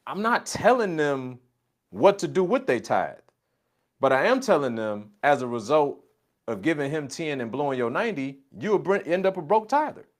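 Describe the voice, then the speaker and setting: A man's voice: a little high, sing-song, normal speed. A man coaching a colleague in a casual conversation, emphatic and repeating his catchphrases. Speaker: business coach.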